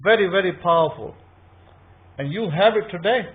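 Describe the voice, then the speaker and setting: A man's voice: high voice, normal speed. A man giving an informal scripture teaching, conversational and repetitive, acting out his listeners' thoughts. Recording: tinny phone-like line.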